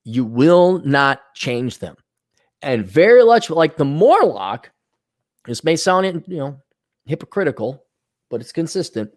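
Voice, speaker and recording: Here a man with a fairly high voice and measured pace hosts a podcast, launching into a sarcastic, swear-filled solo rant. He does mocking voices for quotes and throws in scornful asides, all quite animated.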